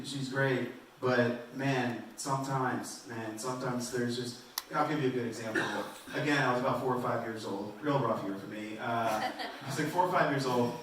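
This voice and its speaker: A man doing a stand-up comedy set in a club, rambling and self-deprecating, with halting restarts. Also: medium pitch, a bit bright. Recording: roomy and distant, faint noise.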